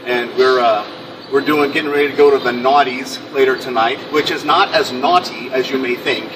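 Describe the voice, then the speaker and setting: A man's voice: mid-range voice, normal speed. A man hosting a casual podcast interview, joking and rambling. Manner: jokey, rambling. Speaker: podcast host. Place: outdoors in a city, trains nearby. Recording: distant mic, clear street noise.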